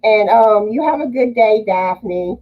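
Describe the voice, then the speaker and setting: Woman, livestream host, casual, chatty, mid pitch, slightly dull sound. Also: animated, takes it slowly. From Louisiana. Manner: chatty, greets viewers and reads comments aloud. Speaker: livestream host reading viewer comments.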